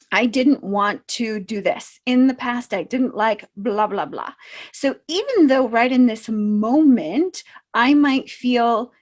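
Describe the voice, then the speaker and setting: A woman speaking as a self-help coach in an unscripted talk to camera, reflective and gently encouraging, with frequent pauses. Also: on the high side.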